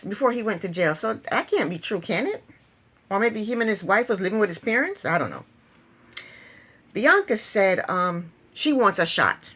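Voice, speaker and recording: A woman's voice: mid-range voice, fairly bright tone, slightly rough. A woman casually recapping a reality TV episode, chatty and opinionated, retelling scenes and acting out quotes.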